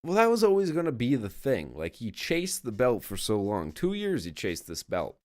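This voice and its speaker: A man's voice: medium pitch, wildly swooping pitch, moderate pace, a little mellow, no echo. A man co-hosting a podcast, talking casually and emphatically, swearing now and then. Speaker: podcast co-host. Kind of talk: casual wrestling review chat.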